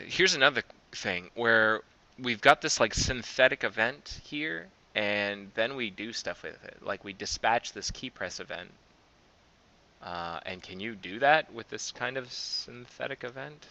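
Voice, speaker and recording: A man's voice: medium pitch, measured pace, pushed and bright, highs cut off. A man hosting a coding show, thinking aloud as he reviews code, hesitant and often correcting himself. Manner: hesitant, self-correcting, many fillers.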